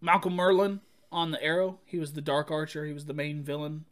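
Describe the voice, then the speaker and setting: A man co-hosting a podcast, chatting casually and telling playful stories with quick jokes. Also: a little high, little pitch movement. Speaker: podcast co-host. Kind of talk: casual chat.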